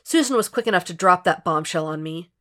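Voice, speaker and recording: A woman's voice: lowish voice, animated, fairly quick, fairly bright tone. Woman reading as an angry, hurt young father. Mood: fed up. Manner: confrontational, pushing hard.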